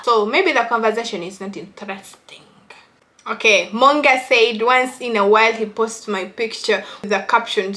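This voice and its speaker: Middle-aged woman vlogger, a little high-pitched, teasing and chatty while giving relationship advice. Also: a bit bright. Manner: chatty, teasing, bursts into laughter. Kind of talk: casual chat reading viewers' comments.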